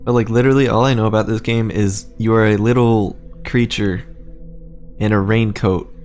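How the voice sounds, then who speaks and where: Male streamer, lowish voice, casual gameplay chatter, soft music under. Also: steady tone, moderate pace. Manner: chatty, swears, reacts aloud.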